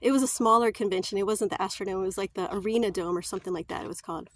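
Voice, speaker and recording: A woman's voice: medium pitch, racing, no echo. A chatty woman, telling stories in a casual vlog and laughing often. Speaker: vlogger.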